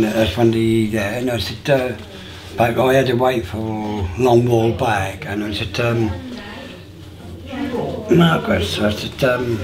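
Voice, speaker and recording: In a mid-range voice, a man in his sixties loosely narrates his past, stumbling through restarts and filler words while acting out lines of old dialogue.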